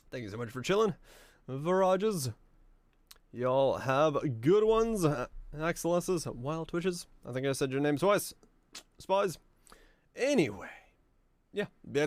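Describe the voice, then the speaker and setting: A man with a hoarse, raspy voice chatting offhandedly and joking while streaming a game. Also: fairly high pitch, no echo. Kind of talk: casual gaming stream chat.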